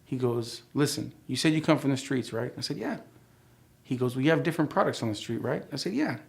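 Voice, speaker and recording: A man in his forties tells his own story in an easygoing, conversational way. He voices the people he quotes with lively jumps in tone, then drops back to a quieter, reflective voice. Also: medium pitch, fairly quick, creaky. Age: 40s. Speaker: interviewee sharing his life story. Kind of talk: relaxed storytelling interview.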